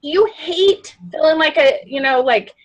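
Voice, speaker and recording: A loud, outgoing woman giving an animated coaching talk to a sales team. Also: sits high, moderate pace, rough recording. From not from the Midwest.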